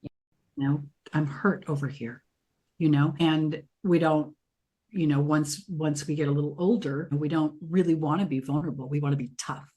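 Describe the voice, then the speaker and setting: Low-voiced woman telling lively stories. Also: normal speed. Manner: animated storyteller acting out children's voices. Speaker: podcast co-host. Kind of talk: casual chat.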